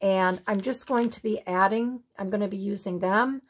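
A woman's voice: mid-range voice, moderate pace. A middle-aged woman hosting a craft video, chatting casually in a rambling, folksy way while she works in her craft room.

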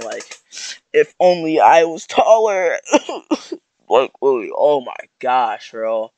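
A young man rambling through casual reaction commentary, slangy and mock-sorrowful, with restarts and drawn-out sighs. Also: medium pitch, dry recording. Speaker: YouTuber reacting to posts.

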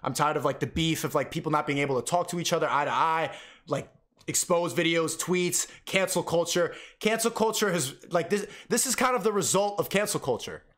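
A man's voice: fairly high pitch, lively intonation, a little fast, a bit bright. A young man streaming, talking casually and emotionally in a rambling way, full of fillers.

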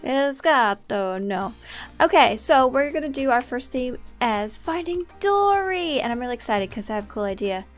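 Giggly high-voiced woman gamer host. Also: animated, moderate pace, faint music behind. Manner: giggly and bossy, upbeat. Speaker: gaming channel host. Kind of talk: casual gameplay chat.

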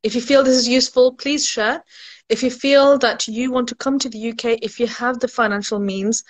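A woman's voice: fairly high pitch, steady tone, moderate pace. Chatty woman recruiter on a live stream. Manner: chatty, laughs at her own jokes. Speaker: education recruitment consultant. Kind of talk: casual live-stream chat.

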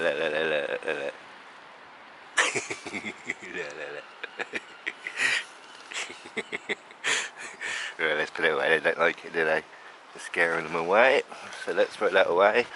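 A man's voice: low-pitched, sharp tone, rough recording. A man, narrating a casual vlog outdoors in the rain while feeding pigeons, chatting fondly and laughing often as he calls the birds over. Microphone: handheld camera. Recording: outdoor camera audio with street noise.

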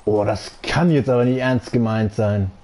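A man's voice: on the low side, moderate pace, warm tone. A man giving live commentary on his gameplay, angry and swearing a lot. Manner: angry ranting, heavy swearing. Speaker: gaming streamer.

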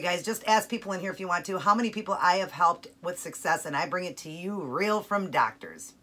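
A woman's voice: on the low side, a bit bright, slightly rough. A woman chatting casually and enthusiastically to camera about a home-cooked meal, tasting it as she talks. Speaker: keto cooking vlogger. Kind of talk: casual cooking chat to camera.

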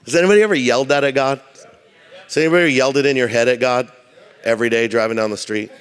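Man, pastor, conversational sermon, mid-pitched voice, long hall reverb. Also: flat delivery, fast, fairly bright tone. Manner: conversational preaching, humorous asides. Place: large church hall.

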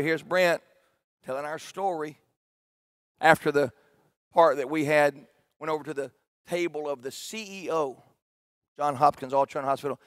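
A middle-aged pastor preaches in a high, ringing voice. He shouts his key points, then drops to a hushed tone for personal stories. The sound is dry and close, with little room around it. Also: dry recording. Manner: swings from shouted emphatic preaching to quiet storytelling. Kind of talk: sermon.

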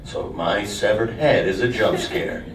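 A man telling lively stories with lots of laughter as a guest on a convention panel. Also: lowish voice, measured pace. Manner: animated, laughing storyteller. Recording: echoey, distant hall mic with noise.

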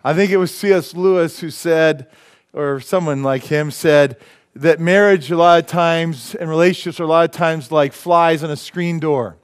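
A male pastor preaches a sermon in a church, with a voice a little higher than most men's. He keeps things loose and cracks jokes, laughing at them before he lands the punchline. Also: moderate pace, clean tone. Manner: joking, laughs at his own jokes. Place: church sanctuary.

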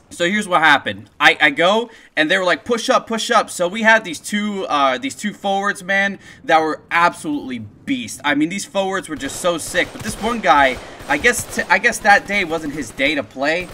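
A young man chatting on a live gameplay stream, excitable and profane, telling stories in slangy talk. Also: a little high. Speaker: gaming streamer.

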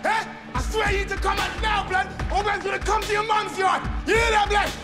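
An actor playing a furious, swaggering young London gangster who shouts threats and mocking laughs, over film score music. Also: male voice, very high-pitched, moderate pace. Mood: raging. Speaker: block gang boss.

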